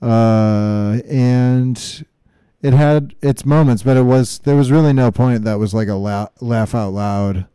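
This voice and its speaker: A man's voice: medium pitch, slow pace, mellow, clean tone, dry recording, clean studio sound. A man co-hosting a casual podcast, giving laid-back commentary on a cartoon episode. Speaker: podcast co-host.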